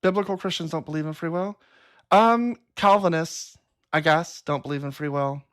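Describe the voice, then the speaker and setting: A woman's voice: deep voice, normal speed. Blunt, exasperated woman livestream host. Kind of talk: casual livestream talk reading chat comments.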